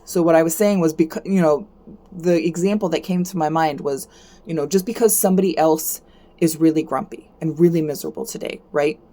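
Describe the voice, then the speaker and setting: A woman with a slightly low voice talks casually and encouragingly, like a host chatting on her stream. She repeats phrases and tags "right?" onto nearly every point. Her pitch leaps when she gets worked up. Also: a little fast. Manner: keeps asking "right?", repeats herself, rises sharply when animated. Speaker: host of a card-reading stream. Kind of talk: casual motivational talk.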